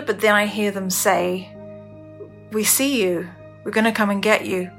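A woman telling her own story on a podcast, halting and emotional, with many restarts. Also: mid-range voice, steady tone, a bit bright, soft background music. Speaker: storyteller recounting her ordeal. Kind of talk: candid first-person podcast testimony.

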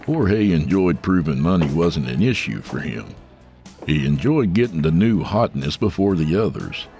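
A man narrating a story in a measured, scripted storytelling delivery. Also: low voice, animated, vocal fry, darkish tone, soft background music.

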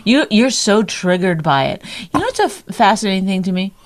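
A woman's voice: medium pitch, sing-song, brisk. A woman co-hosting a podcast in casual bickering chat, teasing and defensive. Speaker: podcast co-host.

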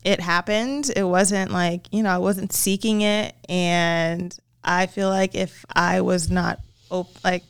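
A woman co-hosting a podcast, talking in a relaxed, reflective casual chat. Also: on the low side, slow pace, hardly any pauses, clean tone, no room sound, clean studio sound. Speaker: podcast co-host.

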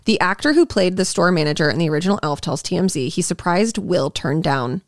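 Animated gossipy young woman. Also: fairly low pitch, a little fast, no room sound, clean studio sound. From California. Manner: animated, gossipy, acts out quotes in mocking voices. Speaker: podcast co-host. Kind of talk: casual chat.

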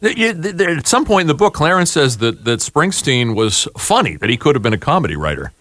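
A man's voice: on the high side, sing-song, brisk, a bit bright, slight background noise. Eager male podcast co-host. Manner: eager, prompting, laughs easily. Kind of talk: casual podcast chat.

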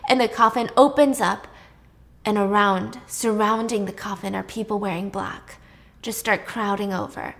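A woman's voice: medium pitch, steady tone, moderate pace, creaky, a bit bright. A woman retelling a plot in a casual, chatty way, full of asides. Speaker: plot recapper. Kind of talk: casual storytelling recap.

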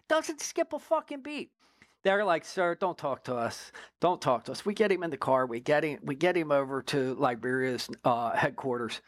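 A man's voice: on the high side, no echo. A man, a former drug agent, telling a story in a casual interview, full of swearing and frequent "right?" check-ins. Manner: profane, animated storyteller who keeps checking in with "right?".

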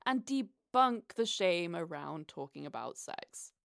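A woman's voice: on the low side, big pitch swings, slow pace, creaky, a bit bright, no echo, clean studio sound. Wry woman podcast co-host. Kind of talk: casual chat.

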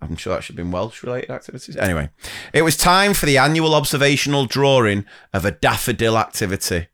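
A man's voice: mid-range voice, sing-song, fast talker, fairly bright tone. A young adult man co-hosting a teachers' podcast, reading listener stories in casual chat and laughing often.

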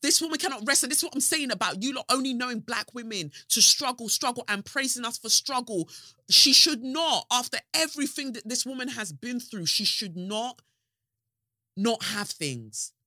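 A young woman podcast host, talking in a passionate, sarcastic monologue that swings between loud outbursts and low mutters. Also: expressive, normal speed, no room sound, clean studio sound. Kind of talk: casual opinionated monologue.

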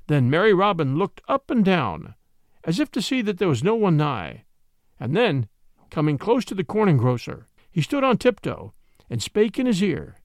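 A male narrator reads an old adventure tale with a lilting, expressive delivery, his pitch rising and falling freely. His voice is a touch high with a gravelly grain, and the recording is close and dry. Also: normal speed, no room sound. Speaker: audiobook narrator. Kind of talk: storybook narration.

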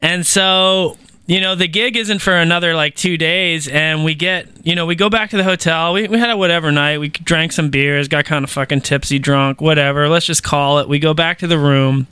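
A young man telling a story in a casual conversation, animated and slangy, with lots of swearing and fillers. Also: fairly high pitch, normal speed, clean tone, no room sound.

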